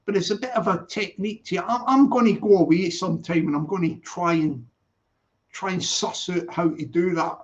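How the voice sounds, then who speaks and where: A man's voice: sits high, brisk. A man hosting a casual live stream, reading out viewer comments and rambling in a jokey, slangy way with lots of restarts. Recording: muffled lo-fi audio.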